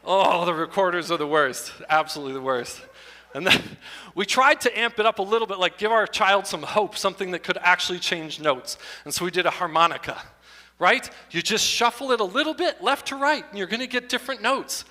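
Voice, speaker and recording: A man in his fifties doing stand-up comedy in a church hall, animated and jokey, often breaking into silly voices. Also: high voice, a little fast. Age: 50s. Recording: echoey hall.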